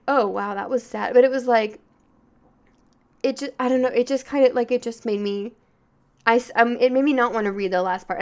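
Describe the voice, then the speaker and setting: A woman's voice: on the high side, darkish tone. A woman hosting a book podcast, reviewing a novel in a casual, gushing monologue full of filler words and restarts.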